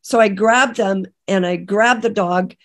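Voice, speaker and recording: A middle-aged woman from Canada, a podcast guest, telling an emotional personal testimony in a halting way with many restarts. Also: medium pitch. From British Columbia, Canada. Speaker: interview guest.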